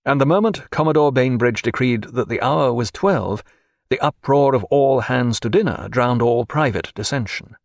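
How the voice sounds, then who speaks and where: A man narrating a novel as an audiobook, expressive and varied. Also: mid-range voice, normal speed, no echo, studio quality.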